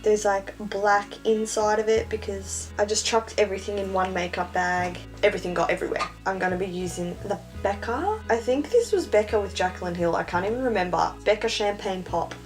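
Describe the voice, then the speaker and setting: A young woman chatting casually and self-mockingly through a makeup tutorial. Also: mid-range voice. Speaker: beauty vlogger.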